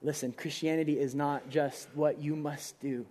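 A man's voice: fairly high pitch, steady tone, normal speed, dark tone, a little hiss or hum. A young adult man, a pastor, preaching a casual but emphatic sermon with rising bursts of energy.

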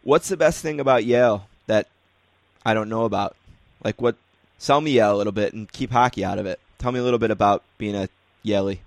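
A man's voice: on the low side, a little fast, dry recording. A man hosting a casual interview, asking questions and telling rambling stories. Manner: relaxed, rambling storyteller. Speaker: podcast host interviewing players.

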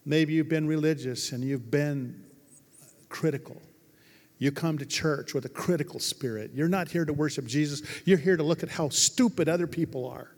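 Pastor guy preaching, kinda high voice, big church echo, goes from quiet to loud. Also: moderate pace. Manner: emphatic, swinging from hushed to loud. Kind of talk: sermon. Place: large church hall. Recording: long hall reverb.

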